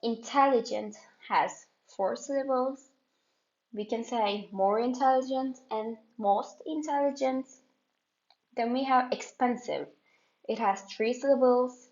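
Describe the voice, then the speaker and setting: A woman's voice: on the high side, darkish tone. Patient female English teacher, dull audio. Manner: slow, methodical explaining with repeated examples. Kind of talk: grammar lesson for learners.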